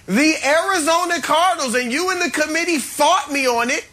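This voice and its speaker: A man's voice: very high-pitched, normal speed, bright, forceful tone. A man on a sports debate panel who gloats, teases and speaks with dramatic emphasis.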